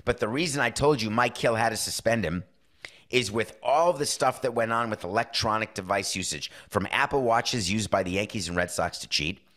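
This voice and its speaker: His mid-range voice sounds pushed and bright as this middle-aged man hosts a casual sports podcast. He's opinionated and acts out brief bits of dialogue in rapid asides.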